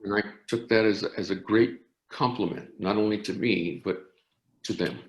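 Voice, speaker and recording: An older man, an orchestra conductor, telling animated anecdotes in an interview with frequent restarts. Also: fairly low pitch, moderate pace. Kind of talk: storytelling interview. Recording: roomy echo.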